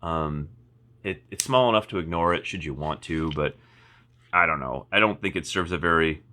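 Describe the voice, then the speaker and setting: A man with a deep, low-pitched voice talks through a product review in a loose, offhand way. He trails off, restarts sentences and drops dry, wry asides as he goes. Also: moderate pace, pushed and bright. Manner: rambling, many fillers and restarts, wry asides. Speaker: firearms reviewer.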